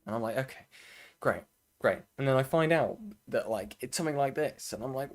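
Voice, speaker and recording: A male streamer rants casually over a clip he is watching. His pitch sits in the middle of the range. He talks bluntly, swears freely and laughs through his frustration. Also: expressive, brisk. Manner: blunt, swears often, exasperated asides, laughs. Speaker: commentary streamer. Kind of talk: casual reaction commentary.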